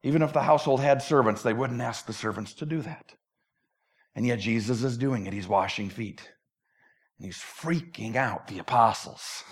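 A man's voice: medium pitch, normal speed. A man preaching a sermon in a conversational, emphatic way, often repeating words as he restarts. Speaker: pastor.

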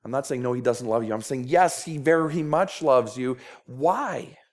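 A man's voice: mid-range voice, normal speed. A man with a Minnesota accent preaching a sermon, earnest and pleading, often repeating words as he presses his point. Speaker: pastor.

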